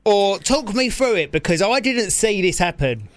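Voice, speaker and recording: Smooth high-voiced man, dry sound. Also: expressive, no echo. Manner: teasing, quick, laughing questions. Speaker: host. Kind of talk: casual podcast chat.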